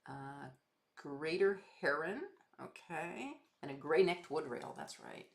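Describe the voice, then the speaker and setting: A woman with a low, gravelly voice talks casually while she edits photos. Her pitch swings widely as she mutters names to herself and throws in chatty asides. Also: animated, slow. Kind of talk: casual chat while working.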